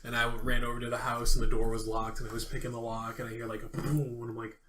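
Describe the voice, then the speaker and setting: A man's voice: medium pitch, level tone, quick pace, reverberant, recorded from a distance, noisy background. A man co-hosting a casual gaming podcast, rambling with filler words and laughing often. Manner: rambling, laughing, puts on voices for bits. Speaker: podcast co-host.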